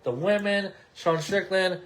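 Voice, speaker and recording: A man's voice: sits high, a little slow, fairly bright tone. A man in his thirties hosting a podcast from his apartment, ranting in a heated, rambling way with lots of swearing and restarts. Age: 30s. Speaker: podcast host. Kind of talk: casual opinion rant.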